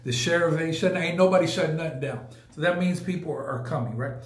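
A man's voice: on the high side, steady tone, quick pace, roomy sound. A man hosting a casual podcast, talking emphatically and repeating points for effect. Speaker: podcast host. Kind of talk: casual live podcast talk.

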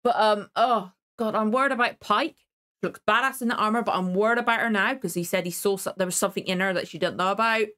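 A young adult woman hosting a casual reaction video, who rambles and repeats herself, then breaks into excited exclamations. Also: medium pitch, fast talker. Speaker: YouTube reaction host.

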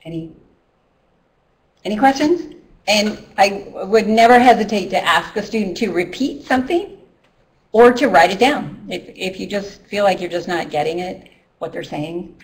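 A woman's voice: mid-range voice, expressive, normal speed. A middle-aged woman and ESL teacher presenting a training workshop in a loose, conversational way with many ums and restarts. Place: workshop room. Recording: voice from a distance.

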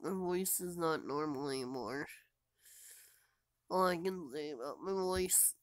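A woman who is sick and hoarse, talking tiredly through a game and often dropping to a whisper. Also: low-pitched, measured pace, no echo. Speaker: gamer. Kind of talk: casual gameplay commentary.

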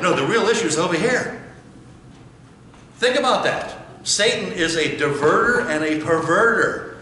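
A male pastor preaches with a bright, cutting tone, firing rhetorical questions and hammering phrases through repetition. His voice rings around a very echoey church sanctuary. Faint noise sits underneath. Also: high-pitched, animated, moderate pace. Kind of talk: sermon.

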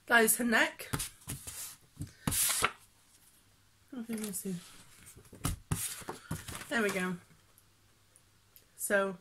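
This cross-stitch vlogger, a woman with a fairly high voice, talks through her stitching projects against a noisy background. She rambles casually, using lots of fillers and laughing often.

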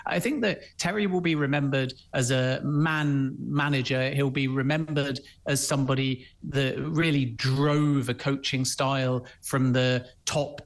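Male sports journalist guest, measured and reflective delivery. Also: medium pitch. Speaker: football journalist. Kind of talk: guest commentary.

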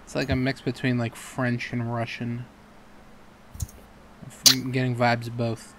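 A man's voice: medium pitch, completely flat delivery, a little slow, very noisy. A young man chatting casually while playing a game, joking and curious, with some swearing. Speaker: game player. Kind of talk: casual let's-play chat.

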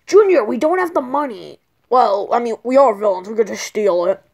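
A woman's voice: on the high side, animated, a little slow, gravelly, a little mellow, full character voice. A woman voicing a bossy, lazy male turtle-dragon villain king, drawling and easily annoyed in a homemade toy skit. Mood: grumpy.

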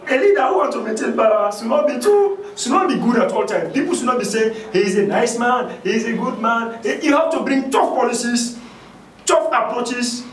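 Male lecturer, high voice, emphatic and repetitive, miked from afar in an echoey room. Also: far from the mic, slight background noise. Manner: emphatic, repetitive, rises to loud stresses then drops low. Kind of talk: university lecture.

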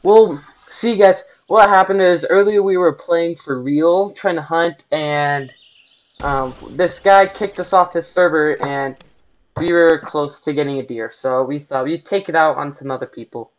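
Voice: mid-range voice, measured pace, highs cut off, slight background noise. A young gamer giving casual gameplay commentary, giggling often and rambling with many fillers. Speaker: gaming video co-host.

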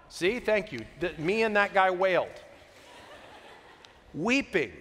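A man preaching a sermon, earnest and unhurried, moving from quiet reflection to emphatic peaks with joking asides. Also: high-pitched, big pitch swings. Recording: long hall reverb.

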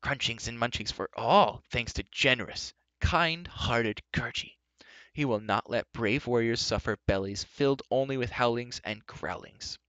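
A man's voice: mid-range voice, a little slow, fairly bright tone, no room sound, highs cut off, lightly acted. A man reading aloud and voicing a shaggy, boastful male creature who speaks of himself in the third person, in childish rhymes. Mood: gleeful.

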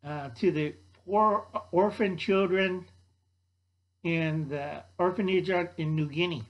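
A man's voice: high-pitched, slow pace, lo-fi sound. A man voicing a stern, preachy, gun-toting nun in a raised voice.

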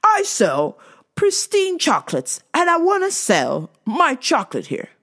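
A man's voice: very high voice, huge pitch swings, measured pace, bright, forceful tone, voice pushed up, exaggerated voice. A woman putting on the voice of a stiff, self-important male chocolate seller who speaks in formal phrases. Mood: haughty.

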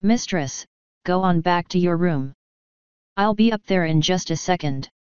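A woman's voice: lowish voice, a little slow, darkish tone, clean tone, no room sound, lo-fi sound, close to an everyday voice. A woman reading the part of a stern, fussy female servant who scolds and gives orders. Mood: scolding. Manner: scolding, bossy.

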